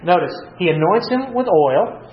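A man's voice: sits high, lively intonation, moderate pace. A man teaching through a Bible passage verse by verse, earnest, often repeating and restarting his words. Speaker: preacher. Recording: muffled roomy sound with faint hiss.

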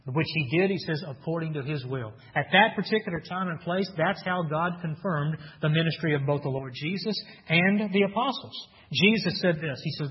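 A man's voice: fairly high pitch, moderate pace, few pauses. A man preaching a sermon in an earnest teaching tone, asking rhetorical questions and reading scripture aloud. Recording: dull sound with long hall reverb.

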